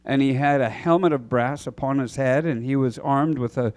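A man, a preacher, reading scripture aloud deliberately, pausing to clear his throat and correct himself. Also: mid-range voice, darkish tone.

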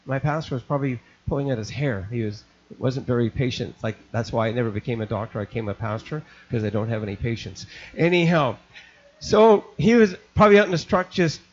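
An older man from Canada, a pastor preaching a sermon and telling a lively story, often repeating words as he goes. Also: mid-range voice, a little fast. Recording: dull lo-fi recording.

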